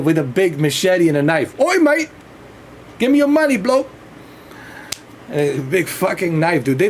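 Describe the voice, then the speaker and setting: A man's voice: on the high side, slight background noise. A man chatting casually on a livestream, rambling and swearing freely. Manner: rambling and profane, with frequent restarts and laughs.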